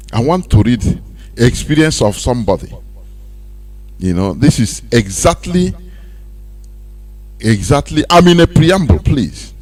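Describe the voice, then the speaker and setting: A Nigerian man giving animated radio commentary, laughing often and slipping into Pidgin. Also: mid-range voice. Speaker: radio presenter.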